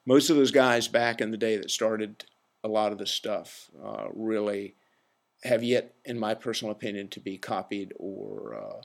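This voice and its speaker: Speaking low with fairly even intonation and vocal fry at a moderate pace, a solo podcast host rants in a casual, rambling, opinionated way while staying self-aware and self-deprecating.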